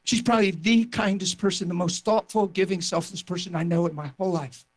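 A man preaching a sermon, telling a personal testimony with impassioned storytelling that rises toward shouting. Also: high-pitched, fairly even intonation, brisk. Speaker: pastor.

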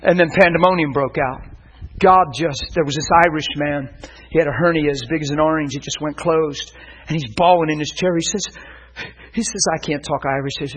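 Animated husky-voiced male preacher. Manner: animated storyteller, voice climbing high when excited. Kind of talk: sermon with storytelling.

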